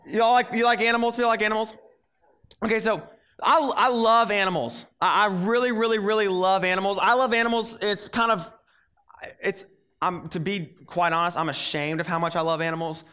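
A young man preaching a casual, energetic youth sermon, often repeating words as he starts his sentences. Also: high voice, a little fast, clear, resonant tone. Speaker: youth pastor.

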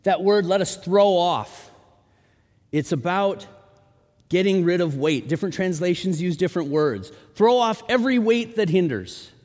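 A man with a high voice preaches in a church hall, and long reverb trails after each phrase. He tells the story with animated energy and swings from quiet asides to loud calls. The delivery is a pastor's sermon to his congregation. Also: moderate pace. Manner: animated storytelling, rising to shouts in quotes.

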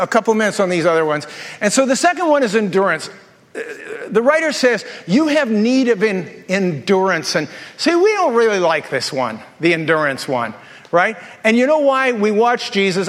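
A man's voice: sits high, a bit bright. Male pastor, upper register, joking sermon delivery, long church-hall reverb. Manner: jokey storytelling, quick asides and self-repeats.

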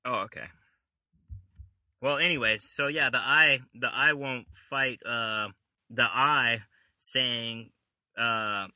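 A man's voice: medium pitch, fairly even intonation, takes it slowly, sharp tone, no room sound. A man chatting casually about comic books, laid-back and swearing now and then. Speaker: comic book podcast co-host. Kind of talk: casual chat.

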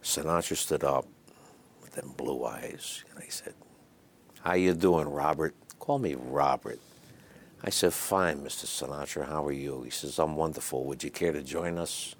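Older guy, super low voice with lots of gravel, rambling stories in an interview. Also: moderate pace, a little hiss or hum. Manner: raspy, chatty anecdotes full of fillers. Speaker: interview guest. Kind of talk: storytelling in a casual interview.

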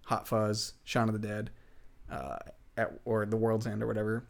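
A man's voice: fairly low pitch, completely flat delivery, normal speed, vocal fry. A man hosting a casual podcast, talking enthusiastically with lots of fillers and restarts. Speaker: podcast host.

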